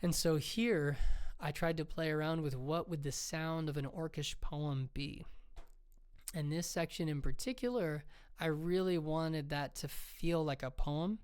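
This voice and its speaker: A man who writes fantasy explains his craft in a casual, rambling way. His slightly high voice is smooth and resonant. He often restarts his sentences and leans on ums. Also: measured pace, a little mellow. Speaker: fantasy author.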